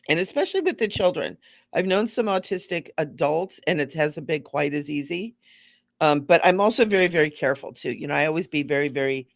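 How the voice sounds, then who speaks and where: A woman giving a casual, rambling spiritual talk to viewers, gently repeating words for emphasis. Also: sits low, dry recording, studio quality. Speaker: spiritual teacher hosting a live stream.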